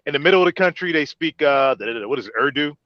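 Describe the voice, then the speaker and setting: A man hosting a podcast, an animated, joking storyteller in casual banter. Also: fairly high pitch, very fast, no room sound, lo-fi sound. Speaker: podcast host.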